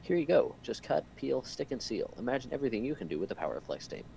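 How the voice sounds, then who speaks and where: A man playing a loud, enthusiastic middle-aged TV pitchman with a booming salesman delivery. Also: sing-song, quick pace, creaky, slight background noise, rough recording. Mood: hyped.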